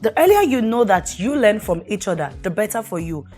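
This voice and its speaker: A woman's voice: medium pitch, big pitch swings, fairly quick, dark tone, faint music behind. A middle-aged woman, hosting a talk show and giving earnest, preachy marriage advice while putting questions to the listener.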